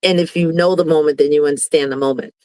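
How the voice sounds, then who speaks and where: A woman's voice: low-pitched, fairly even intonation, quick pace, dark tone, dry recording, poor audio. A woman educator from Brooklyn talks as a guest on an online panel. She speaks earnestly and effusively, full of gratitude, in a dry, close recording. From Brooklyn, New York. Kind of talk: casual video call chat.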